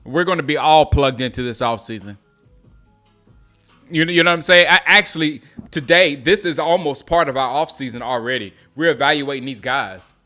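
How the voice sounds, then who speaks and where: A man from South Carolina hosting a live game watch-along, reacting loudly to plays and chatting with viewers by name. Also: a little high, normal speed, soft background music. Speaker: host.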